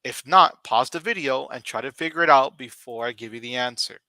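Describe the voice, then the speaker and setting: This English vocabulary teacher, broadcasting live, has a medium-pitched, bright and forceful voice recorded without echo. He goes slowly and deliberately, saying the key words again for his learners.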